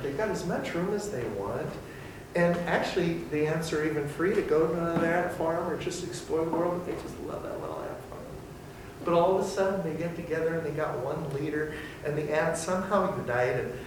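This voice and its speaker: Animated man teaching a Bible study. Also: a little high, noisy background. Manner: animated and theatrical, acting out voices. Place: room with a small group. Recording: echoey room from far off.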